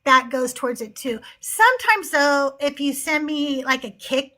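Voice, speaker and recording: A woman's voice: high-pitched, expressive, unhurried, sharp tone. A woman hosting a casual livestream chat, chatty and upbeat, often laughing as she talks to her viewers. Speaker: livestream host.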